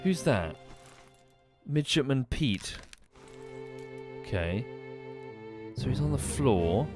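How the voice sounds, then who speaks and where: Over music, a very animated man talks slowly in a mid-range voice while streaming a game live, thinking things through out loud and asking questions of the characters he sees.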